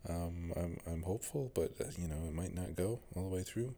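A man's voice: low voice, brisk, dark tone, a little hiss or hum. A man with a General American accent, rambling through a casual solo monologue as a podcast host. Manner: rambling, musing, many fillers and restarts.

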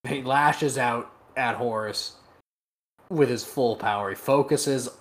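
A man's voice: medium pitch, slow. A man co-hosting a podcast, retelling a story in casual chat, swearing freely and laughing as he goes, recorded over a remote call. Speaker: podcast co-host. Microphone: remote call microphone.

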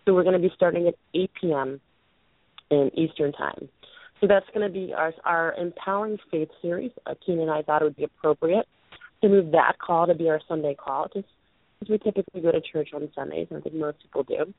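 A hoarse woman in her late twenties, losing her voice as she co-hosts a call-in show. She talks in an earnest, rambling way, clearing her throat and restarting sentences. The sound is a thin, tinny phone line with no room around it. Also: deep voice, a little fast, no room sound. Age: 20s. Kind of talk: casual show announcement.

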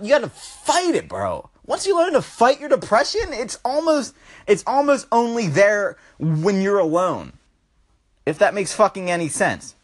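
Profane, fired-up man ranting. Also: high-pitched. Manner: swears constantly, says bro and dude; impassioned, restless delivery. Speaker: vlogger.

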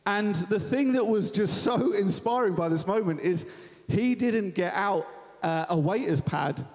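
A man's voice: high voice, lively intonation, measured pace. A young man from Kent, preaching a sermon in a large church venue and telling stories in a chatty, self-deprecating way. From Thanet, Kent, England. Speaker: guest preacher. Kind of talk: sermon with personal storytelling. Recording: long reverb of a church hall.

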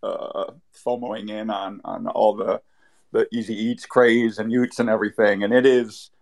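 A man's voice: fairly low pitch, steady tone, unhurried, gravelly. A man speaking as a guest on a live show, rambling and joking, often trailing off. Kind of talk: casual chat.

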